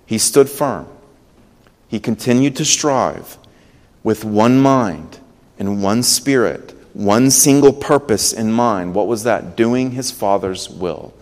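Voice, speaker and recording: A man's voice: lowish voice, takes it slowly, darkish tone, big-room sound. A man preaching a sermon as pastor, earnest and emphatic, his voice swelling and dropping for emphasis. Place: church sanctuary.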